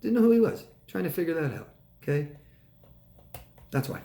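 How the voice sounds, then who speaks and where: A man working as a life coach, answering viewer questions live in a calm, conversational way. He keeps checking in with "right?" and "okay?". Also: on the high side, normal speed, gravelly, echoey room. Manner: calm and reassuring when advising.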